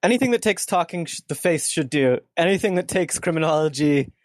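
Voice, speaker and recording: Man, higher voice, wry jokes, tabletop player, dry close sound. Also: lively intonation, fairly quick, no room sound. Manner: wry and joking. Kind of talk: casual tabletop chat.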